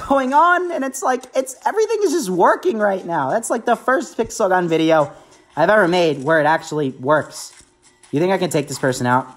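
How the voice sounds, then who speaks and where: A woman giving excitable, hyped gameplay commentary as a gaming YouTuber, talking straight to her viewers. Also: lowish voice.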